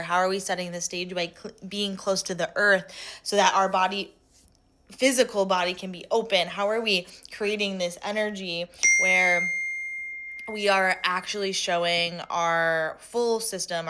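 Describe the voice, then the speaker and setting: Woman coach talking slow and earnest, lots of repeated questions, bright tone. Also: on the low side. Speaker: spiritual coach. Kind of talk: reflective guided talk.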